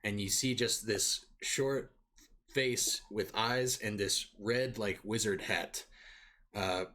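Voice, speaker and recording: A man's voice: lowish voice, steady tone, slow, bright, forceful tone. A man narrating a tabletop game as game master, describing scenes loosely with lots of fillers.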